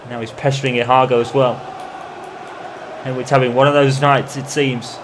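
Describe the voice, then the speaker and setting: A man commentating over his own football video game in the style of a match broadcaster, calm between plays and erupting into shouts when a goal goes in. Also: mid-range voice, moderate pace, noisy background. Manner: excitable, bursts into shouting on goals. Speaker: gamer doing mock football commentary. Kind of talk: playful imitation of match commentary over gameplay.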